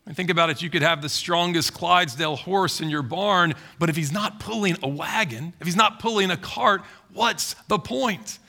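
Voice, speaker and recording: A man's voice: high-pitched, moderate pace, vocal fry, hardly any pauses, pushed and bright. A male pastor preaching a sermon, earnest and emphatic, repeating key phrases for weight.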